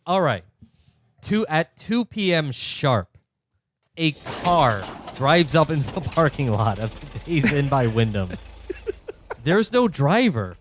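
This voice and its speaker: A man narrating a comedic tabletop game as game master, in a deadpan way that keeps breaking into laughter. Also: fairly high pitch, takes it slowly, a little hiss or hum.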